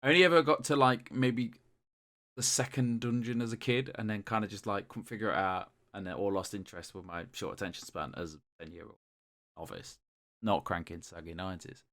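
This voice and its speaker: A man's voice: fairly low pitch, fairly even intonation, a little fast, fairly bright tone. A young man co-hosting a podcast in casual chat, rambling with many fillers and restarts. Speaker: podcast co-host.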